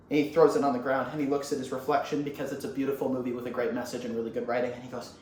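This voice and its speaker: A man's voice: mid-range voice, little pitch movement, racing, hardly any pauses, a little mellow. A young man who rambles and swears a lot as he retells a movie scene in a casual, comic way. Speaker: YouTuber. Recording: roomy echo, faint ambient noise.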